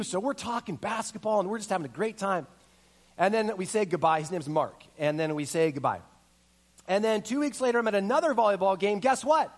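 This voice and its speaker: A middle-aged man preaching a sermon, telling a lively personal story and acting out the voices in it. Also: high voice, fairly quick. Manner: animated storyteller, acts out voices and quotes. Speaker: pastor.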